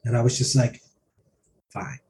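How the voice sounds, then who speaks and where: Singer guy telling a story in an interview, warm mellow voice, acts out the other people's lines. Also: mid-range voice, unhurried, slight background noise. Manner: animated, acts out others' words in quotes.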